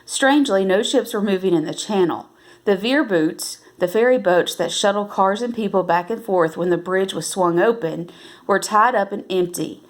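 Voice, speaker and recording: A woman reading a novel aloud at an unhurried pace, now and then correcting herself and lifting her voice for the characters' lines. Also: medium pitch. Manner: unhurried, with self-corrections and restarts. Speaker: reader.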